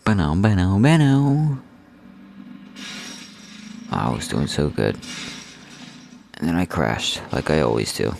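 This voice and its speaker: A man's voice: very deep voice, lively intonation, moderate pace, gravelly, long pauses, faint music behind. A man giving goofy, jokey let's play commentary, talking to the viewer in silly voices. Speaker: gaming video host.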